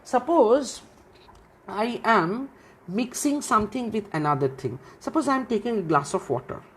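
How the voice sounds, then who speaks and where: A woman's voice: medium pitch, lively intonation, moderate pace. A woman giving a literature lecture, who asks questions and answers them herself and often repeats phrases. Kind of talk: classroom lecture.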